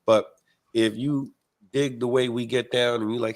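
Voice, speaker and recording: A man's voice: medium pitch, steady tone, normal speed. A man from the United States hosting a biker livestream, chatting casually and reading viewer comments in a laid-back, slang-heavy way.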